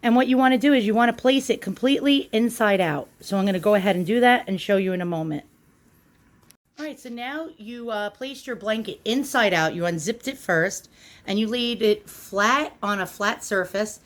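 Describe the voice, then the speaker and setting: A woman's voice: mid-range voice, expressive, moderate pace. A woman with a New York accent giving a casual how-to demonstration, chatty and full of ums and uhs. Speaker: product demonstrator.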